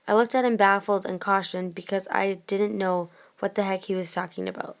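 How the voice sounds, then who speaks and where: A woman's voice: medium pitch, steady tone, a little fast, vocal fry, hardly any pauses, clean tone. Woman casually retelling a story. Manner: casual, plain reading. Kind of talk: retelling a story in first person.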